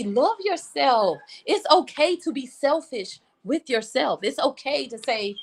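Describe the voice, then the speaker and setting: Livestream host, woman, a bit high-pitched, blunt, swears freely, lively casual chat. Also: takes it slowly, few pauses. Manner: blunt, profane and animated, reading out comments. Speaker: livestream host reading viewer comments.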